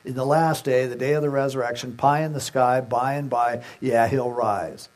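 A man's voice: mid-range voice, fairly even intonation, normal speed, hardly any pauses, a little mellow. A male pastor preaching a sermon, retelling scripture conversationally and acting out the characters' words.

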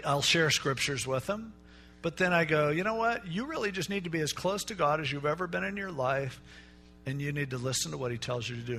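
A middle-aged male pastor preaching a sermon in a relaxed, conversational way, telling stories and acting out the people in them. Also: fairly high pitch. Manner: conversational storytelling preacher, acts out quoted voices.

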